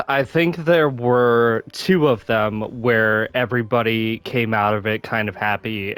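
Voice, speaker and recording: Slow, rambling man clearing his throat. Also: fairly low pitch, a bit bright, dry recording. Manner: rambling, many fillers and restarts. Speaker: gaming channel host. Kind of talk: casual chat while gaming.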